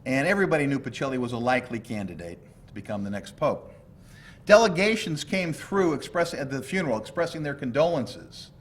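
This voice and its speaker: A man lecturing from his slides in an animated, storytelling way, tossing in jokes and asides as he goes. His pitch sits in a middle range, and a faint low rumble runs underneath the recording. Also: fairly quick. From United States. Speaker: law professor lecturing.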